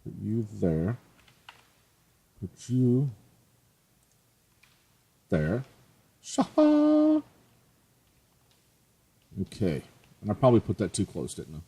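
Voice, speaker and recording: Let's play host, male, low and husky, chatty and jokey. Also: expressive, slow pace, pauses often, mellow. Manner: chatty, joking, self-mocking. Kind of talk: casual gameplay commentary.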